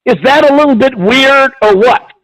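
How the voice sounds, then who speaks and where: A man's voice: extremely high pitch, normal speed, a bit bright, poor audio. A man calling in to a talk show, arguing bluntly and combatively with frequent swearing. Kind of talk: heated call-in argument.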